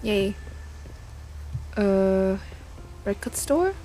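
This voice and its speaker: Woman streamer, casual game commentary, hesitant mumbling, mid-pitched voice, quiet music behind. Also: expressive, extremely slow. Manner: hesitant, mumbling, full of fillers.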